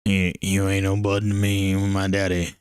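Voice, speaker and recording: A man's voice: sits low, monotone, darkish tone, smooth, no room sound, clean studio sound, lightly acted. A man putting on a drawling tough guy who keeps insisting someone is not his father. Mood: defiant. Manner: slow rambling drawl, repetitive.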